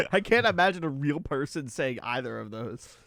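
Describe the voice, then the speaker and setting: A man's voice: mid-range voice, gravelly, dry recording, clean studio sound. A young man co-hosting a college radio sports show, teasing his partner and laughing easily in casual chat. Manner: animated, quick to laugh, teasing.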